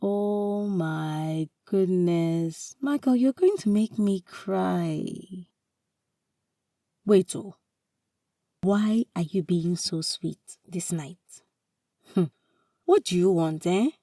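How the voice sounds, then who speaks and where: A woman's voice: on the low side, extremely slow, long pauses, mellow, dry recording, clean studio sound, far from the mic. Woman voicing a teasing young wife. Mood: touched. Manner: teasing, exclaiming, rising questions.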